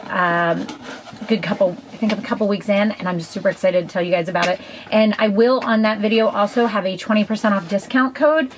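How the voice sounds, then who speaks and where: A woman's voice: mid-range voice, fairly even intonation, a little fast, a little hiss or hum, low-quality recording. A woman chatting casually in a beauty haul video, enthusiastic and rambling with lots of ums and side comments. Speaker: beauty vlogger.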